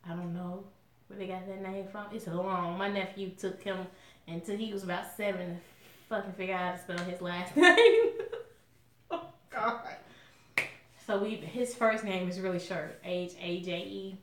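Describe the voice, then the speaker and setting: A woman's voice: medium pitch, moderate pace. A woman with a Southern drawl talks to her viewers in a folksy, outspoken way while she eats. Her voice sits in a middle register. The room around her is noticeably echoey. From Southern US, Alabama. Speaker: mukbang vlogger. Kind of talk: casual chat to viewers while eating.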